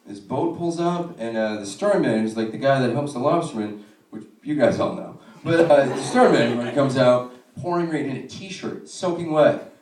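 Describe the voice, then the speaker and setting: A man in his twenties doing a stand-up comedy set in a club, telling profane, animated stories with quick asides. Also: medium pitch, echoey room, far from the mic, slight background noise.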